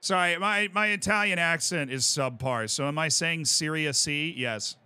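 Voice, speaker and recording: A man in his twenties with an American accent, chatting casually on a live stream as he plays a game and reads out chat, bursting into excited yells. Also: on the high side, moderate pace, smooth, no echo. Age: 20s. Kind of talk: casual live-stream commentary while gaming.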